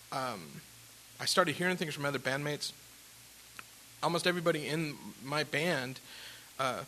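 A man's voice: mid-range voice, slight background noise, rough recording. A man casually telling a rambling personal story as a musician, with lots of fillers and restarts. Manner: rambling, animated, with fillers and laughs.

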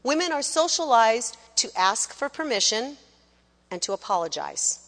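Animated high-voiced woman coaching worship singers. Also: normal speed, in a large hall. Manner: animated, sings short demonstration lines, mimics people. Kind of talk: lively teaching talk to a class.

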